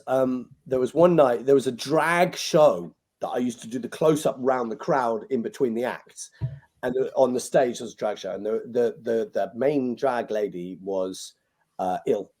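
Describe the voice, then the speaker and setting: A British man, a magician and compere, telling stories as a podcast guest in a lively way, swearing and acting out what people said. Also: mid-range voice, unhurried. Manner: animated, swears freely, acts out quoted lines. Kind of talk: anecdotal storytelling interview.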